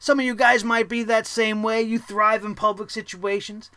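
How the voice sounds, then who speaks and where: A man's voice: sits high, normal speed, clean tone, dry recording. A man hosting a wrestling review show, ranting heatedly and swearing often. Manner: profane, heated, animated ranting.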